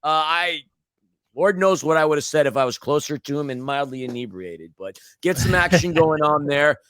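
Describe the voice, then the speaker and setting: A man's voice: on the high side, lively intonation, moderate pace, a bit bright, clear, resonant tone, no echo. A man co-hosting a podcast, recapping a soccer match in casual chat with blunt rants and sarcastic asides. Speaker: podcast co-host.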